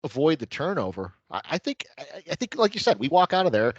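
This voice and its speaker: Lively-pitched man on a muffled mic. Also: no room sound. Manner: measured, breaks in with small laughs. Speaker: podcast co-host. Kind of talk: casual sports podcast chat.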